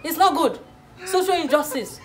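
A woman with a very high-pitched voice speaks at normal speed, with faint music behind her. She plays a teacher in a comedy classroom sketch, lecturing in a preachy, mock-serious way and laughing frequently.

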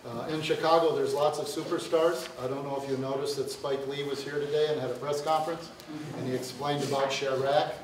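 A man's voice: a little high, fairly even intonation, a little fast, hardly any pauses. A man moderating a university event, making announcements and setting up questions with hesitant fillers. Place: university lecture room. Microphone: no microphone, recorded from far off. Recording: roomy, distant, noisy.

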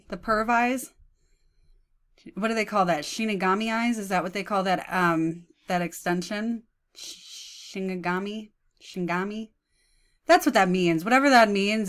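A woman's voice: medium pitch, fairly bright tone. A woman in her thirties giving mocking, sarcastic reaction commentary, often breaking into laughs. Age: 30s.

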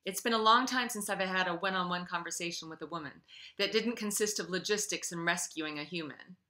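A woman author reading her own novel aloud in an expressive way, then speaking casually to her listeners. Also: lowish voice, a little fast.

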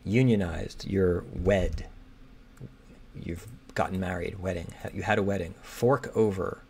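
Man working a crossword aloud, low-pitched, unhurried and hesitant. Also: darkish tone, slight background noise. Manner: muttering, hesitant, reads clues aloud slowly. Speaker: crossword solver. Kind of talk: thinking aloud while solving. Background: keyboard typing and clicking.

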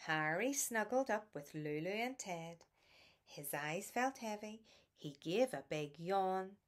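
A woman reading a children's bedtime picture book aloud in a soft, soothing, lilting way. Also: medium pitch, animated, slow. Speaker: storybook reader.

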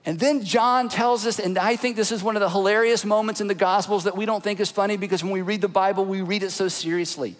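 Guy pastor preaching, voice sits kinda high, big church hall echo, drops to whispers for drama. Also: steady tone, quick pace, few pauses. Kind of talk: sermon. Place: church auditorium. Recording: large hall with long reverb.

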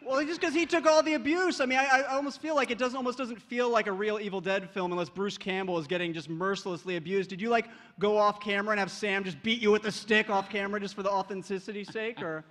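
A man's voice: high voice, steady tone, quick pace, few pauses, a bit bright. A man moderating a convention panel, asking playful, teasing questions. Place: large convention hall, live panel. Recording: echoey convention hall with faint ambience.

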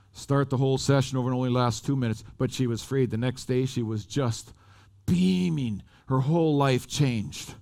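A man preaching at a camp meeting, telling a personal story in an animated, conversational way. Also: medium pitch. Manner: animated, rising and falling with the story. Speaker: lay preacher. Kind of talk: storytelling sermon.

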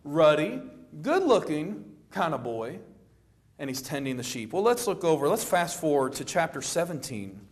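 A middle-aged man preaching a sermon, telling the story with lively acted-out quotes and a plain conversational manner. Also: normal speed. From Florida. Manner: animated storytelling, acting out quoted lines with rising pitch.

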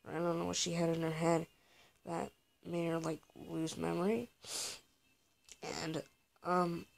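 A man's voice: fairly high pitch, level tone, measured pace, vocal fry. A man giving casual gameplay commentary, talking to his viewers in a rambling, heartfelt way. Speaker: gaming video creator.

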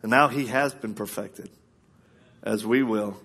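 A man's voice: lowish voice, a little slow, slightly rough. A man preaching a live sermon, telling personal stories with laughs, then urging the crowd directly. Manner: lively storyteller who laughs often and acts out quotes.

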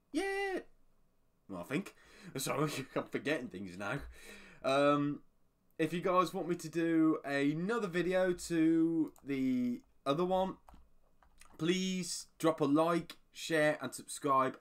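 A man casually commenting on a video he just watched, excitable and rambling. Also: fairly high pitch. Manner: excitable, rambling, breaks into laughter. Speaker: video reactor.

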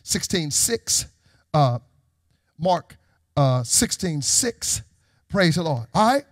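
High, lively preacher man. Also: takes it slowly, dry recording, studio quality. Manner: call-and-response preaching with rising shouts. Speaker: pastor. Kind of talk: sermon.

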